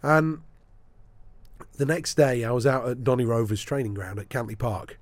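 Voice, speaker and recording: A sports broadcaster, male, tells anecdotes during a podcast interview, speaking at medium pitch and a moderate pace with no echo. He's a lively storyteller who acts out the people he quotes.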